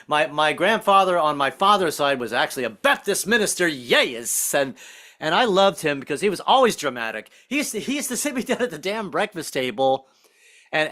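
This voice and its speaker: Man, middle-aged, from the US, stand-up comic, wry, slightly high, bright tone. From United States. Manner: wry, self-deprecating, puts on voices for jokes. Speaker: stand-up comedian. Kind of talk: stand-up set on a video call. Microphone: video call.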